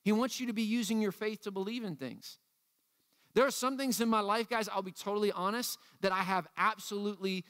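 A man preaching a youth sermon as pastor, energetic and acting out the voices he quotes. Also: sits high, big-room sound.

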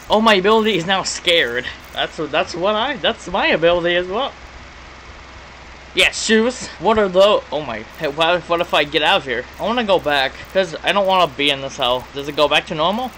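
A man playing a horror game, reacting excitably with swearing, startled outbursts and laughs, from a dark bedroom. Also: a little high, slight background noise, rough recording. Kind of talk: casual let's play commentary.

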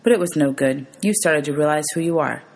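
A woman's voice: low voice, brisk, darkish tone. A woman reading aloud, voicing a nervous, touchy young male satyr who snaps back defensively. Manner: defensive, bleating retorts.

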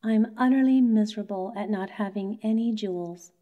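A woman's voice: mid-range voice, moderate pace, phone-quality sound, natural voice. A woman voicing a petulant, discontented young wife in a bedtime story, sulky and self-pitying.

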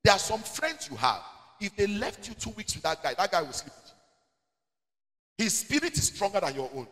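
A man's voice: high voice, huge pitch swings, normal speed, pushed and bright, big-room sound. A man with a Nigerian accent, preaching as a pastor in a church question-and-answer session, emphatic with Pidgin asides. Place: church hall.

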